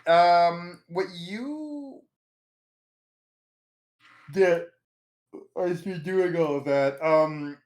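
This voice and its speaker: A man's voice: a little high, extremely slow, long pauses. A man running a tabletop game as game master, easygoing and laughing often.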